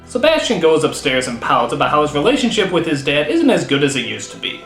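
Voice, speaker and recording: Sarcastic male critic, rants and yelps, lively voice, roomy sound with music. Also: on the high side, fast talker. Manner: sarcastic, explosive, shouting outbursts. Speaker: comedic film critic. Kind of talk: comedic review rant.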